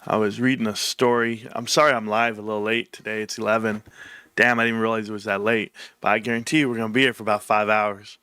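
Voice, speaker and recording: A man's voice: lowish voice, little pitch movement, fast talker, bright, forceful tone, smooth, no echo. A man hosting his own livestream, chatting casually and rambling through stories with laughs. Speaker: livestream host.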